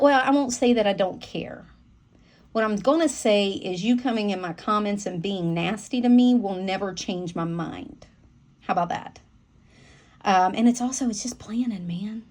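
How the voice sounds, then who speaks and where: A woman's voice: mid-range voice, darkish tone. A woman with a Southern American accent talks to camera in a chatty, folksy way. She rambles a little, restarts her sentences and fills the gaps with ums, in a mid-range voice. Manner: chatty, folksy and candid, with lots of fillers and restarts. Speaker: planner vlogger. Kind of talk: casual chat to camera.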